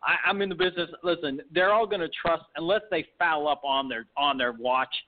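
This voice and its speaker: A man's voice: a little high, a little fast. A man hosting a sports interview show, asking rambling, enthusiastic questions. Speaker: podcast host. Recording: tinny phone line.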